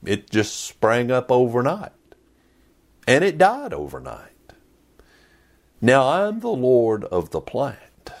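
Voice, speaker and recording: A man voicing God in a Bible retelling, speaking in a calm, reasoning, gently reproving way. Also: medium pitch, slow pace, long pauses, exaggerated voice.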